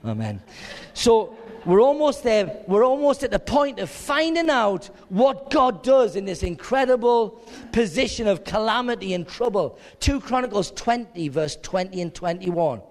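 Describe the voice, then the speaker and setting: A man preaching a sermon in an animated way, acting out scenes with little voices. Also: sits high, moderate pace. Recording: long hall reverb.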